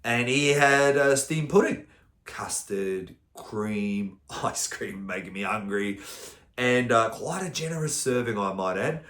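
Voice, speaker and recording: A man's voice: medium pitch, animated, takes it slowly, fairly bright tone, reverberant. A man, working as a mental performance coach and giving a motivational talk through casual stories with the odd swear word. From New Zealand. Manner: casual storytelling, occasional swearing.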